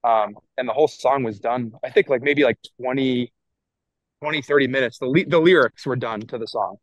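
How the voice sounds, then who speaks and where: A man speaking as a guest musician in a casual interview, earnest and lively as he remembers things. His pitch is plain and middling, and the recording is dry and close. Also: brisk, no room sound, muffled recording.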